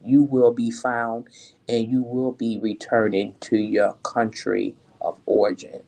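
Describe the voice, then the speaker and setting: Gravelly-voiced woman giving emphatic opinions. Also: extremely low pitch, flat delivery, unhurried, warm tone, poor audio. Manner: emphatic, repetitive, indignant. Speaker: political commentary vlogger. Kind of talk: opinion vlog.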